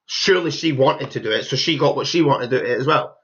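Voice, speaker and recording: A man's voice: mid-range voice, fast, a bit bright, muffled recording. A young man giving blunt, scornful, profanity-heavy reaction commentary on a video. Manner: blunt, scornful, swears heavily. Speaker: YouTube commentator.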